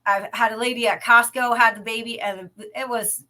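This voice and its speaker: A woman in her fifties in casual podcast chat, rambling warmly with frequent restarts. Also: fairly high pitch, fairly even intonation, moderate pace. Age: 50s. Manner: chatty and rambling with many restarts.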